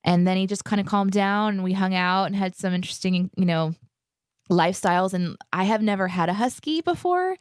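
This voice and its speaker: A woman's voice: mid-range voice, fairly quick, clear, resonant tone, no echo, studio quality. A woman in her thirties co-hosting a live morning show, telling a story in casual, upbeat chat. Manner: chatty storytelling, upbeat, animated.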